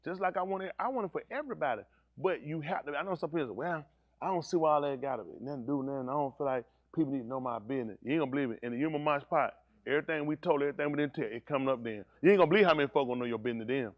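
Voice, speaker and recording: A male pastor preaching a sermon, swinging between low, steady teaching and high, shouted preaching, teasing members of his congregation. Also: very fast, no echo, dull audio.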